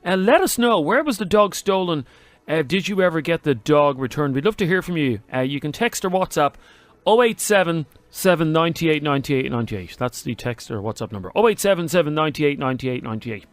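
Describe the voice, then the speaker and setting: A man's voice: a little high, lively intonation, a little fast, no room sound. A man co-hosting a radio talk show, teasing and opinionated. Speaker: radio co-host. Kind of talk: casual chat.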